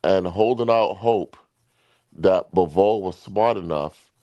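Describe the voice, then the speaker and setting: A man hosting a boxing podcast in casual chat, blunt and profane, talking in quick bursts. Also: deep voice, no echo, lo-fi sound.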